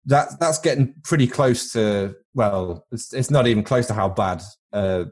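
A man's voice: medium pitch, normal speed, a little mellow. A man from Britain co-hosting a podcast in casual chat, rambling into crude comic tangents. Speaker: podcast co-host.

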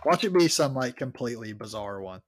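A man with a mid-pitched, lively voice hosts a podcast among friends. He rambles and restarts as he talks, laughing often. The sound is dry and close. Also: fairly quick, no echo. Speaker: podcast host, book reader. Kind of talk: casual chat.

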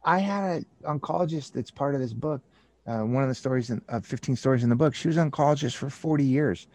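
A man's voice: mid-range voice, fast, dry recording. A man talking about his book in a conversation, acting out little scenes with lots of restarts and fillers. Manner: animated storyteller acting out scenes with many restarts. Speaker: author and guest. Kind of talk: casual interview talk.

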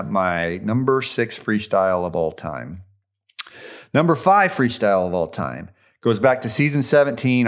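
A man hosting a podcast, giving a casual, enthusiastic fan recap with chatty fillers. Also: fairly low pitch. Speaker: podcast host recapping a dance show.

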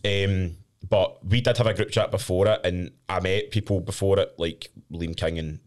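A man's voice: low voice, steady tone, normal speed. A Scottish man co-hosting a podcast, sweary and joking in casual banter, hungover. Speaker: podcast co-host. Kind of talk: casual chat.

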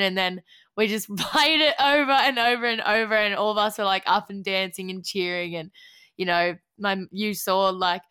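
A woman's voice: medium pitch, a bit bright, smooth. A young Australian woman musician chatting on a podcast, gushing and emotional, swearing freely and laughing often. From Gold Coast, Australia. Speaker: musician guest. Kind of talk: casual podcast chat.

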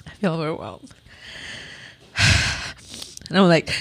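A woman's voice: fairly low pitch, fairly even intonation, takes it slowly, pauses often, fairly bright tone. A woman co-hosting a podcast in casual chat, talking openly and emotionally with frequent laughs, recorded in a studio booth. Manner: open, emotional, laughs often. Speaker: podcast co-host.

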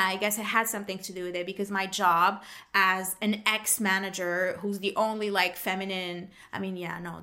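Candid bright-voiced woman, French native. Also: medium pitch. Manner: candid, animated, acts out her past thoughts. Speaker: podcast host. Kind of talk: personal storytelling monologue.

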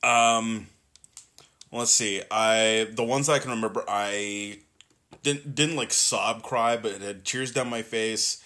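A young man co-hosting a podcast, chatting casually, animated, swearing and laughing often. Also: on the low side, slow. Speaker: podcast co-host. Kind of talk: casual chat.

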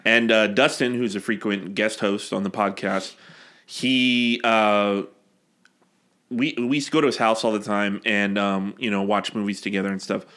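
A man's voice: lowish voice, fairly even intonation, normal speed, fairly bright tone. A man in his thirties co-hosting a movie podcast, easygoing in casual chat and recalling things in a rambling way. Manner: easygoing, affirming listener, rambling recollection. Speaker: podcast co-host.

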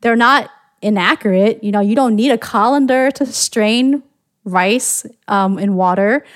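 A woman's voice: a little high, unhurried, dry recording, clean studio sound. A woman from the United States hosting a podcast, chatting casually and thinking aloud with frequent restarts. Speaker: podcast host.

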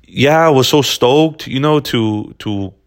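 A man voicing a young Brazilian pro skater who tries to talk like a Southern California surfer, in a relaxed drawl with a Brazilian-tinged accent. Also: mid-range voice, takes it slowly, lightly acted. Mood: stoked. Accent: Brazilian-tinged imitation of Southern California surfer talk. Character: young male Brazilian pro skater, laid-back, stoked.

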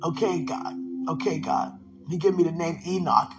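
A woman's voice: lowish voice, steady tone, normal speed, loud music behind the voice. A woman leading an emotional live prayer session, often tearful, sighing and laughing as she prays and calls her listener sweetheart. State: crying.

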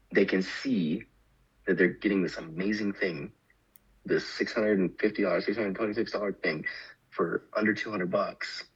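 A man's voice: deep voice, gravelly, husky, highs cut off. A man co-hosting a business podcast, telling a story in a casual chat and acting out the quoted lines. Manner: animated storytelling, acts out quotes. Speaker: podcast co-host.

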